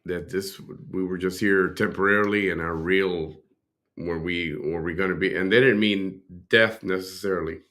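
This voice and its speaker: Very deep, bright-toned male host. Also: fairly even intonation, moderate pace. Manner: rambling, thinks aloud, talks to chat. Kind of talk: casual reaction commentary.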